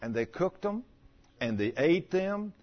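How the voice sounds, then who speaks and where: Older male preacher, high-pitched and folksy, animated storyteller, muffled lo-fi sound. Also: a little slow. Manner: folksy, animated, acts out quoted voices. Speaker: preacher in a healing ministry. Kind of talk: sermon storytelling. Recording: dull lo-fi recording.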